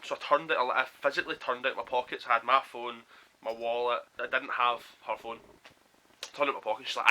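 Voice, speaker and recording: A man's voice: mid-range voice, fairly quick, rough recording. A young man vlogging from home, telling a story and acting out the quoted lines. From Scotland. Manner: animated storyteller who acts out quoted lines. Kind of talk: storytelling vlog.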